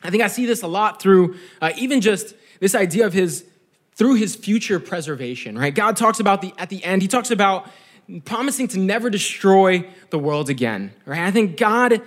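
A man's voice: high-pitched, expressive, moderate pace. A young man giving a sermon in a conversational, earnest way, often checking in with "right?". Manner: conversational, keeps asking "right?"; earnest, reflective. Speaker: preacher.

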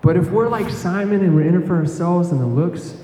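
High-voiced young man preaching in echoey hall. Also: a little fast, a little hiss or hum. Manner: conversational, keeps asking "right?", animated storytelling. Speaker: campus ministry speaker. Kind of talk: sermon talk with personal story.

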